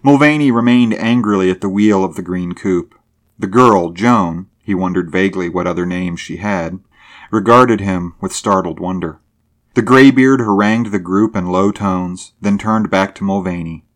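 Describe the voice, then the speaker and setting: A man reads a story aloud in a steady, measured narration. His voice sits on the low side. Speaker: audiobook narrator. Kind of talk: scripted narration.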